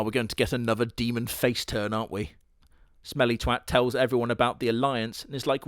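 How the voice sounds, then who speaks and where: A man doing comedic anime review narration in a sarcastic, crude, deadpan manner. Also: medium pitch, no room sound, clean studio sound. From Britain.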